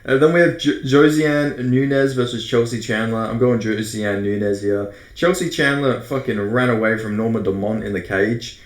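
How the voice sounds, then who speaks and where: An Australian man talks through fight predictions in a loose, rambling way. He swears freely and trips over names, and his voice sits at an ordinary middle pitch. The room around him is echoey. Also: fairly even intonation, moderate pace, hardly any pauses. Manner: rambling, profane, self-correcting. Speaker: MMA predictions host. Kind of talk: casual fight breakdown monologue. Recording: roomy echo.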